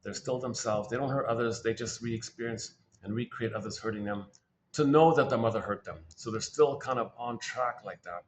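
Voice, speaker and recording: A man's voice: mid-range voice, a little fast, a little hiss or hum. A man giving a rambling spoken talk on psychoanalytic ideas, repeating himself, restarting phrases and correcting himself as he thinks aloud.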